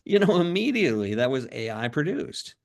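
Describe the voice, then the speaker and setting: A man co-hosting a business podcast, talking in a relaxed, conversational way. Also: mid-range voice, fairly quick, gravelly. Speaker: podcast co-host. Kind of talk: casual discussion.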